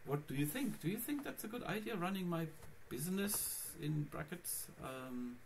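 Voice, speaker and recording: A man's voice: fairly high pitch, animated, moderate pace, gravelly, slight background noise. A man vlogging casually about his computer setup, rambling and talking straight to his viewers. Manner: rambling, chatty, addressing viewers. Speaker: Linux vlogger. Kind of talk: casual screencast vlog.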